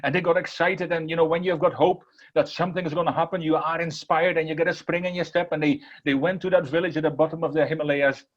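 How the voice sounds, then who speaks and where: A man's voice: a little high, fairly even intonation, quick pace, dull audio. A man giving an emphatic inspirational talk, repeating key words and sometimes restarting as he tells a story. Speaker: motivational speaker.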